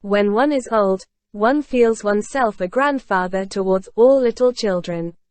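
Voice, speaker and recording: A woman voicing a grave, calm older male ex-convict in a storybook reading, delivered in a measured, solemn way. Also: medium pitch, dry recording, natural voice.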